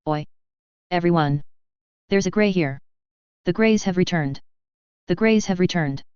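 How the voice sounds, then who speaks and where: Woman reading as a fretful female house elf, shrill, dramatic, lowish, smooth voice, lo-fi sound. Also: unhurried, a little mellow, no echo, close to an everyday voice. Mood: excited. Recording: dull, lo-fi, dry.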